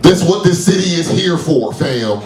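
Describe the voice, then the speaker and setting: A thirty-something man works an open-mic crowd, his voice fairly high and bouncing all over the place. He talks loose and profane, breaking into sudden shrieking outbursts. The sound is roomy and a little distant, as if picked up by a club mic some way off. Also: expressive, normal speed. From New York. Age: 30s. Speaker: stand-up comedian. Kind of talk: stand-up comedy set.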